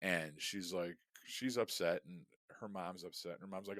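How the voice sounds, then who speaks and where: A man's voice: low-pitched, normal speed, few pauses, a bit bright, no room sound, studio quality. A middle-aged man co-hosting a podcast, telling a story in a profane, exasperated rant. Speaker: podcast co-host. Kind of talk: casual storytelling chat.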